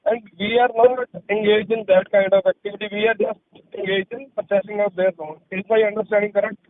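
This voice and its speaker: A man's voice: high-pitched, level tone, brisk, a little hiss or hum. A man with an Indian English accent, a caller asking formal questions on an earnings call, addressing people as sir. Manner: formal, says sir often. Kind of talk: conference call Q&A. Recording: tinny phone line.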